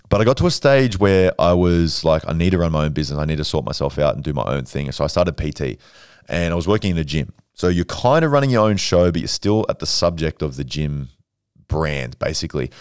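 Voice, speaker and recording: A man's voice: extremely low pitch, a little mellow, clear, resonant tone, no echo, studio quality. A young man in his twenties, a fitness coach telling brash, profane stories in casual podcast chat. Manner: brash, profane, boastful storytelling. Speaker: podcast guest.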